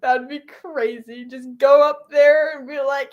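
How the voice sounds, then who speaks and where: A woman's voice: high-pitched, steady tone, unhurried. A young woman streaming live, chatting casually with her viewers, giggly and full of fillers.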